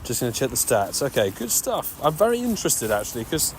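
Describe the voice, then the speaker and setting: A man giving excitable, nonstop live-stream commentary while walking outdoors and playing a mobile game. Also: medium pitch, a little fast. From United Kingdom. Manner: chatty, excitable running commentary, talking nonstop like a radio DJ. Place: outdoors on city streets. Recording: loud street noise with passing traffic.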